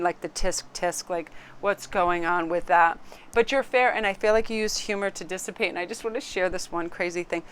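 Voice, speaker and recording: A woman giving a casual pick-a-card tarot reading to camera, chatty and excitable with casual swearing. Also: medium pitch, clean tone.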